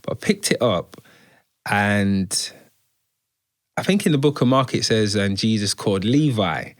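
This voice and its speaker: A man recounting his life story as a guest, in an animated, slangy storytelling way. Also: on the low side, a little slow, dry recording, clean studio sound. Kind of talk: conversational testimony.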